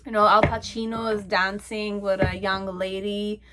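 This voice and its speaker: A woman's voice: medium pitch, flat delivery, measured pace, music in the background. A young adult woman giving a casual pick-a-card tarot reading, rambling and chatty, often checking in with "okay?" and "like". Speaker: tarot reader.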